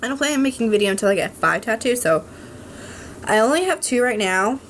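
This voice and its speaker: Talking fast and animatedly, a young adult woman with a higher voice vlogs candidly to camera from home. She rambles, with lots of ums and restarts plus frank swearing, over a little hiss or hum.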